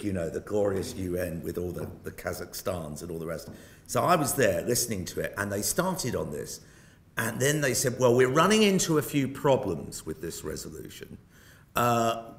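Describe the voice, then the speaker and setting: Older British male guest lecturer, anecdotal and self-mocking, lively delivery. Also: mid-range voice. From Britain. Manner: wry storyteller with self-mocking jokes. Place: lecture hall. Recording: roomy hall sound.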